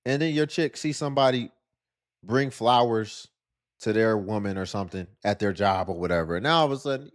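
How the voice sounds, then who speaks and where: A man's voice: mid-range voice, lively intonation, brisk. A man giving sarcastic, lecturing reaction commentary on a video clip.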